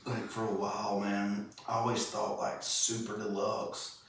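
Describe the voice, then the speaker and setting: A man's voice: lowish voice, completely flat delivery, unhurried, a bit bright, far from the mic. Laid-back man, echoey room. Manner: laughs often, acts out quoted voices. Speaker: podcast host. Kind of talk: casual comedic chat. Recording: echoey room, off-mic, faint noise.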